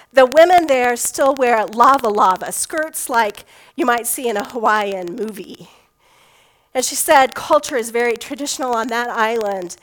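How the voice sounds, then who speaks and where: A woman pastor delivers a sermon in a slightly high voice. She talks like she is telling a story to friends, easygoing and conversational, and slips in homespun humor. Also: rough recording.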